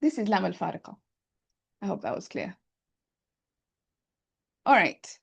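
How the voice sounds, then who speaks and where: A woman's voice: medium pitch, big pitch swings, unhurried, gravelly, slightly rough. A woman teaching Arabic grammar in an online class, thinking aloud and often checking that students follow. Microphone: video call.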